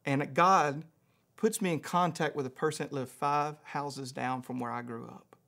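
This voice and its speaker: A man from Louisiana with a Louisiana accent, a pastor preaching a sermon, telling a personal story in an animated way and then praying. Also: on the high side, normal speed, vocal fry. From Louisiana, USA. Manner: animated storyteller, acts out voices, chuckles.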